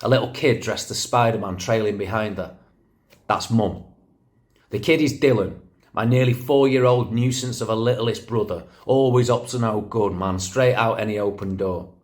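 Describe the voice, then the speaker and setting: A man's voice: lowish voice, normal speed, a little mellow, natural voice. A man with a Manchester accent reading a verse novel aloud as its streetwise ten-year-old narrator, speaking straight to the listener. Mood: vivid. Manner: vivid, direct, addressing the listener. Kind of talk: poetry reading in first person.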